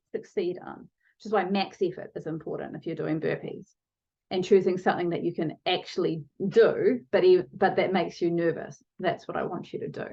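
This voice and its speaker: An online challenge coach speaks straight to viewers in a motivational video lesson, varying her pace to emphasize points. Her voice is medium-pitched, and the recording is muffled.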